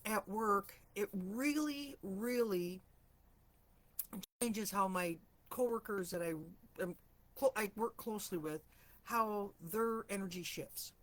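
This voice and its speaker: A woman hosting a casual live chat, telling stories in a chatty way, clearing her throat often, her morning voice slightly rusty. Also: medium pitch, slow pace, fairly bright tone. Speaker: host of a live stream for empaths.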